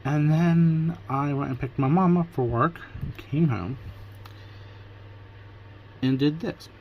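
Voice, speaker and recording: A man's voice: on the high side, slow pace, highs cut off, slight background noise. A man vlogging casually from Pennsylvania, retelling his day through quoted back-and-forth conversations. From Pennsylvania, USA. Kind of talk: casual storytelling vlog.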